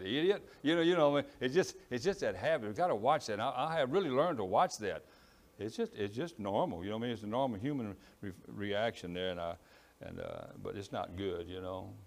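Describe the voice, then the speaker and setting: A man with a Cajun accent preaching a sermon in church. He has a strong voice and rambles, apologizes and stumbles over his words. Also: medium pitch. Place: church in East Texas.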